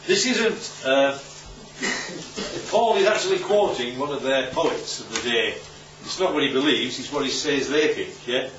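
A man's voice: mid-range voice, expressive, unhurried, background noise. A male preacher giving an informal Bible talk, conversational and often checking in with his listeners. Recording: roomy, distant, dull recording.

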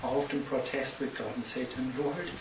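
A man's voice: mid-range voice, flat delivery, fast. A man with an Irish accent preaching a sermon, telling stories and building to impassioned emphasis. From Ireland. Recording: roomy distant hissy lo-fi recording.

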